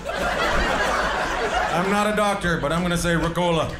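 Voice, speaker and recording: A man's voice: sits high, measured pace, heavy background noise. A man in his fifties doing stand-up crowd work, brash and profane as he teases the audience. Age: 50s. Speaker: stand-up comedian. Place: comedy club. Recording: echoey club with roaring crowd.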